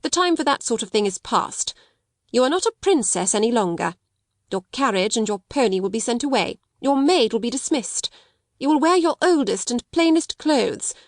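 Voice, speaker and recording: A woman narrator voicing a harsh, domineering middle-aged schoolmistress with a sharp, cold, scolding manner. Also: a little high, big pitch swings, normal speed, no echo, clean studio sound, pitched above the performer's own voice. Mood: contemptuous.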